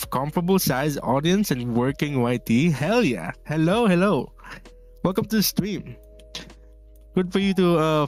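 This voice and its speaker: A man from the Philippines streaming casually while drawing, rambling, laughing often and reading chat messages aloud. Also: a little high.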